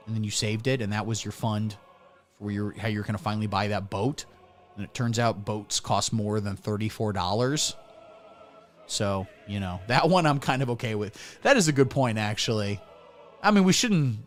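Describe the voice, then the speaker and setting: A man hosting a satirical comedy livestream who rants crudely and sarcastically, swinging between mumbling and loud. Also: fairly low pitch. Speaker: comedy streamer.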